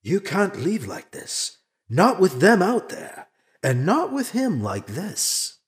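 A man putting on a middle-aged former politician who rambles on in a chatty, grumbling way. The voice sits high with a lively lilt and a husky grain, as in a read-aloud sci-fi story. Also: takes it slowly, heavily acted. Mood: rambling.

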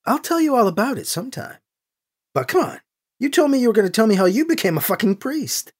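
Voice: mid-range voice, big pitch swings, breathy edge, voice pushed up. A narrator voicing a volatile young woman who swings from fiery outbursts to playful teasing and swears freely. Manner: quick-tempered, swears, teasing.

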